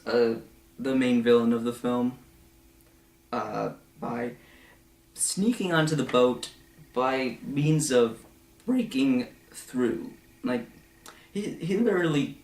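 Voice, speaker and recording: A young man talks through a film in a casual, rambling review, stacking fillers and side remarks. His voice sits at a middling pitch, and the room gives it a noticeable echo. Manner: rambling, full of fillers and asides, slips into quick mocking voices. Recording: echoey room.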